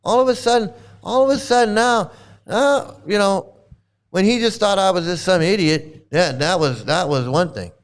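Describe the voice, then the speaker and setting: A man hosts a livestream in casual commentary, his voice sitting high at a moderate pace. He rants indignantly and mockingly, repeating himself a lot.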